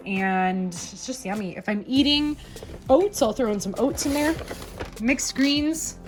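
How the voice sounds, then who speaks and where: A young woman chiropractor from Minnesota, chatting enthusiastically in her kitchen as she unpacks her groceries. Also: mid-range voice. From Minnesota, USA. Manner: chatty and enthusiastic, drawn-out words. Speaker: chiropractor vlogger. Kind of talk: casual kitchen vlog. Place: home kitchen.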